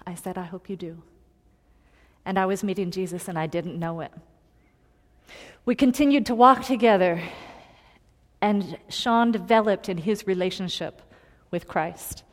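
A woman preaching a personal story in a sermon, earnest and confiding, moving between loud emphasis and hushed tones. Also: mid-range voice, normal speed. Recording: long hall reverb.

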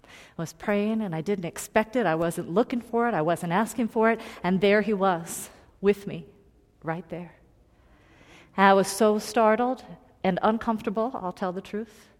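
A woman preaching a personal story in a sermon, earnest and confiding, moving between loud emphasis and hushed tones. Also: medium pitch, normal speed. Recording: long hall reverb.

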